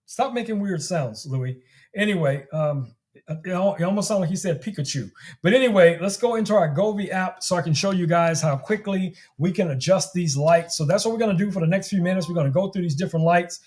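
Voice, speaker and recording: A man's voice: high-pitched, a little fast, a little mellow. A man hosting a casual tech livestream, chatting straight to viewers while demoing gadgets in a salesy way. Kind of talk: casual product demo livestream.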